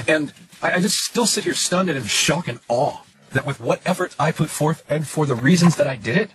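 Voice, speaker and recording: A man's voice: on the high side, animated, moderate pace, fairly bright tone, a little hiss or hum, poor audio. A man in his late forties venting in a frustrated personal monologue, emphatic and profane, piling up lists of words. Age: 40s. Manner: emphatic, profane, repetitive listing.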